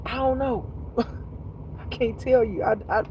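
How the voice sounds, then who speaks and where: A woman's voice: fairly high pitch, slow pace, slight background noise, low-quality recording. A woman who teaches intuitive spirituality, telling stories to her viewers in a casual livestream with lots of cursing and laughter. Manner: animated, profane storytelling with frequent laughs; talks straight to viewers, reads comments aloud.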